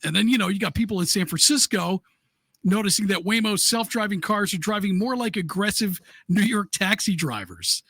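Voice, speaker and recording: A laid-back man co-hosts a podcast and runs through the news with wry remarks. His voice is high and bright, with a forceful edge. It is recorded close and dry, with no room sound. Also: animated, brisk, no echo. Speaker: podcast co-host, news segment reader. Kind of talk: casual chat and news rundown.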